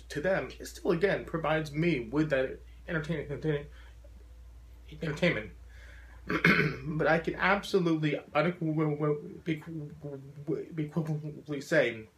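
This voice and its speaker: Addressing a support group with a motivational talk, a man with a fairly high, slightly bright voice has a profound stutter, repeating sounds and getting stuck on words. Earnest and encouraging, he keeps pressing on.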